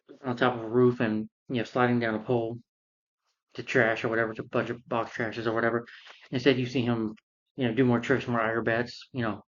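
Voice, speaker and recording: A man's voice: medium pitch, highs cut off. A man retelling a film's plot in a casual, rambling way, full of fillers and restarts. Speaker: film reviewer.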